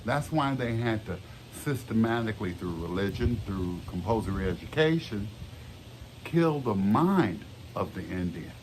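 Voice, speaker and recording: A man's voice: fairly low pitch, animated, moderate pace, a little mellow, a little hiss or hum, low-quality recording. A man speaking emphatically in a discussion. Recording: played clip with music behind.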